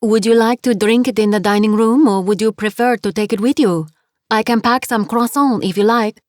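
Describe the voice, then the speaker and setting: A woman voicing a kindly, cheerful French guest house landlady with a French accent, fussing warmly over her guest. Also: a little high, normal speed, no room sound, studio quality, pitched above the performer's own voice, natural voice. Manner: warm, fussing, motherly.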